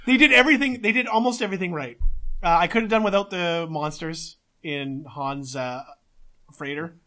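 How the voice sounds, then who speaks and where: A man co-hosting a casual podcast, talking in an excitable, emphatic way and swearing often. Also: high-pitched, normal speed. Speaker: podcast co-host.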